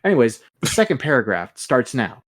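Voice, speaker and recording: A man hosting a casual podcast, telling a story with lots of swearing and an animated delivery. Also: mid-range voice, a little fast, no echo, clean studio sound. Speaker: podcast host and moderator.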